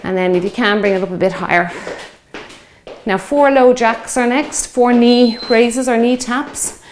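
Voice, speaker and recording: A fitness instructor in her fifties leads a guided workout, chatty and encouraging, counting reps aloud while breathless from exercising along. Her fairly high voice keeps a fairly even intonation at a measured pace, with slight background noise.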